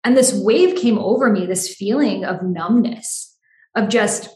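A young adult American woman appears as a podcast guest, telling her personal story frankly and with animation, using "like" as a filler again and again. Her voice is mid-range and her pace measured, with roomy echo in the recording.

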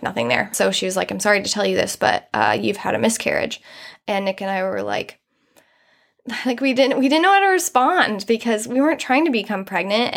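A woman's voice: medium pitch, a bit bright. A young woman hosting a podcast, candidly telling a personal story in a rambling way, with many fillers and laughter through hard moments. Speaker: podcast host.

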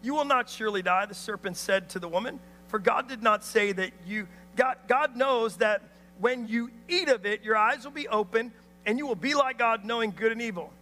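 A man preaching a sermon, an animated storyteller who acts out voices and calls out to the crowd. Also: very high voice, normal speed, in a large hall. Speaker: pastor.

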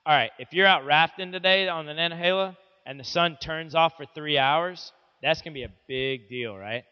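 A man's voice: a little high, normal speed, clear, resonant tone. A man teaching a Bible lesson to teenagers in a casual, joking, conversational way. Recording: echoey hall, dull lo-fi sound.

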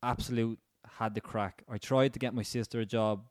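An Irish man in his thirties co-hosts a podcast, reading out listener stories and dropping easygoing quips in casual chat. His mid-range voice keeps a fairly even intonation at a normal speed, and the studio sound is clean with no echo.

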